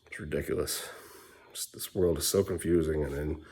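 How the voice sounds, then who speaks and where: A man with a very low, gravelly voice talks straight to camera in a rambling personal vlog. He is candid and blunt, drifting from thought to thought with casual swearing. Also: fairly even intonation, moderate pace, a little mellow. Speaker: dad vlogger.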